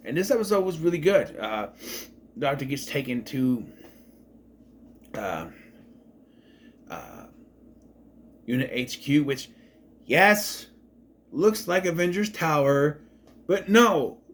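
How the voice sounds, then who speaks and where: A man talks through a television review in a loose, chatty way, with his pitch jumping up and down. He circles back and corrects himself as he goes. A faint hiss sits under his voice. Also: very animated, a little slow, pauses often. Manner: rambling and enthusiastic, often correcting himself. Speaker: TV show reviewer. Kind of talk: casual spoken review.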